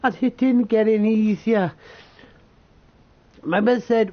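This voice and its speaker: A man from the United Kingdom telling a painful personal story, halting, tearful and swearing as he talks. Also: sits high, lo-fi sound. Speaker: vlogger.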